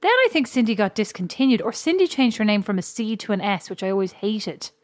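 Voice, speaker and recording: A woman's voice: medium pitch, expressive, fairly quick, no echo. Rambling Irish woman, dry close sound. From Ireland. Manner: rambling, self-interrupting, laughs often. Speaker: podcast co-host. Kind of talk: casual chat.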